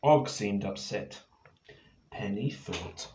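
A man reading his picture book aloud to children in a playful, expressive way, now and then turning to ask them questions. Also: medium pitch, measured pace, a little hiss or hum. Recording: echoey room.

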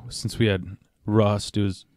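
Blunt low-voiced male co-host. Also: little pitch movement, unhurried, a little mellow, no echo, clean studio sound. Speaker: podcast co-host. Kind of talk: casual chat.

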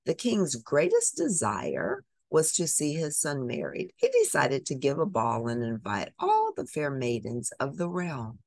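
A woman reading a picture book aloud, expressive and animated. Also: rumbling low, a little slow, creaky, hardly any pauses, dry recording. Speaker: storybook reader.

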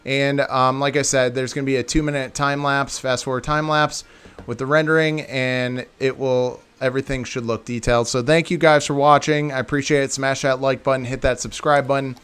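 A man with a mid-range, slightly bright and clean voice speaks fairly quickly with little pitch movement. As a video game tutorial creator, he chats through building-tutorial gameplay, calls his viewers "guys," and corrects himself while thinking out loud.

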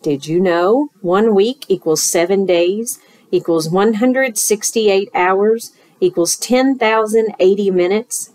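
Woman, teacher, storytime read-aloud, slow unhurried pace, expressive rhythmic delivery, dry close sound. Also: mid-range voice, no echo. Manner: expressive, rhythmic, with asides to children.

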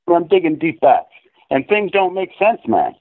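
A man with a high, swooping voice rants in a profane, insistent way, lecturing hard. He comes through a tinny phone line with a dry, close sound. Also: sing-song, normal speed, no echo. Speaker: guest. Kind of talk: conspiracy rant in a call-in interview.

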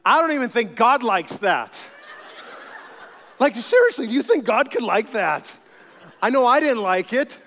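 A man pastor preaching a sermon, telling stories with animated humor. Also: very high voice, measured pace, pauses often, in a large hall.

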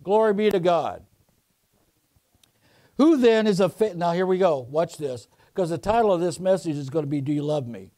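High-voiced guy preaching, fiery sermon, goes from soft to shouting. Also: expressive, moderate pace. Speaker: pastor.

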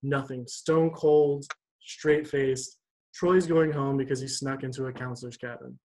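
A young man giving a church devotion, telling a personal story in an animated, conversational way. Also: medium pitch, measured pace, poor audio.

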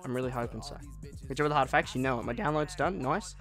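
A man's voice: mid-range voice, fast, fairly bright tone, faint music behind. An eighteen-year-old Australian man chatting casually on a gaming live stream, answering viewer comments in a laid-back way.

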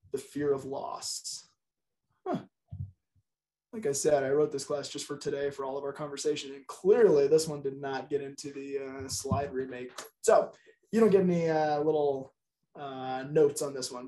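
A middle-aged man teaching a casual class on real estate negotiation, chatty and informal, acting out quick quoted replies from clients. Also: a little high, warm tone.

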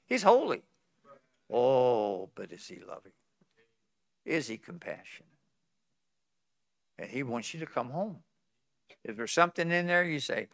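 A man preaching a revival sermon at a conference, swinging from loud pleading to hushed tones, with folksy chuckles between phrases. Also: medium pitch, big pitch swings, a little slow, gravelly, long pauses, no room sound. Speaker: pastor. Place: conference hall.

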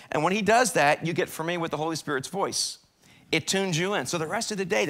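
Male pastor, conversational devotional teaching in church, clear bright tone, a little higher than most men. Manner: conversational, acts out prayers and complaints in a raised voice.

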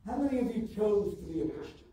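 A man, a pastor, preaching a sermon with slow, emphatic delivery and dramatic pauses, recorded in a church sanctuary. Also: high voice, lively intonation, mellow. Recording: very echoey church, mic from far off.

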